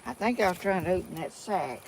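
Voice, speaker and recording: A woman's voice: on the low side, animated, noisy background. Older Georgia woman outdoors. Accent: Southern US (Georgia). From Georgia, USA. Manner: plainspoken, brief answers, unhurried. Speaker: gardener filmed for the channel. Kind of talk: casual chat while gardening. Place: outdoor garden. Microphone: camera held by another person.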